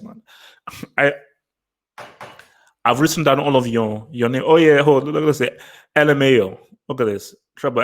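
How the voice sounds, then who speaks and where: A man hosting a live football fan stream. He taunts his chat, repeats himself, and keeps laughing at the viewers. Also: mid-range voice. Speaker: host of a football fan show.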